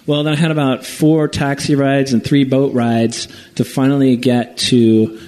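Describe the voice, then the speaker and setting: A man's voice: mid-range voice, level tone, measured pace, a little mellow. A man casually telling a rambling personal travel story, acting out the people in it. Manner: casual, rambling with restarts and acted-out quotes.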